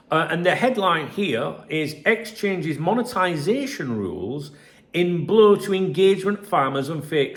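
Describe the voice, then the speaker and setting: A man's voice: mid-range voice, fairly bright tone. Chatty man rambling at his desk. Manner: chatty, rambling, swears freely. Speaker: channel host. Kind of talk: casual vlog chat to camera. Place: home office, at his desk.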